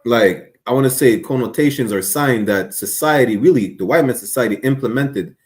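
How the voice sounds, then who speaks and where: A man's voice: medium pitch, moderate pace. A man speaking on an online stream discussion, earnest and rambling, with many restarts.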